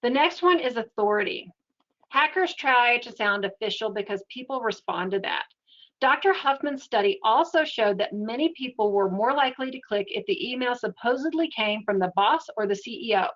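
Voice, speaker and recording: A woman giving an educational webinar talk in a steady, explanatory, conversational way. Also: on the high side, normal speed, highs cut off. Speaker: webinar presenter.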